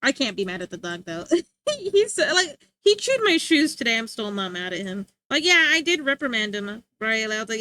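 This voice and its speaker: A young woman streamer in casual chat, slangy and animated with lots of filler words, talking into a desk mic. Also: a little high, fairly quick, no room sound.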